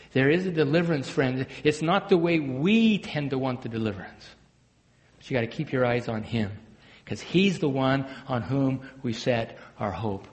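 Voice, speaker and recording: A man preaching a sermon as a pastor, swinging between loud emphatic bursts and hushed, low phrases. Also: normal speed. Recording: long hall reverb.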